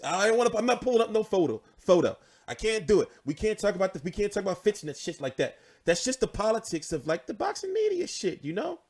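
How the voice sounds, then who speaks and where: A young man hosting a boxing show, swearing freely and telling stories with animation. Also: sits high. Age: 20s. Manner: profane, animated storytelling. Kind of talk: casual livestream chat.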